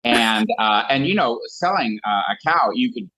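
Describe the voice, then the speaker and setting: A man's voice: mid-range voice, lively intonation, normal speed, sharp tone, highs cut off. A man from Colorado, a guest telling funny stories in casual chat with comic asides. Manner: theatrical storyteller with comic asides.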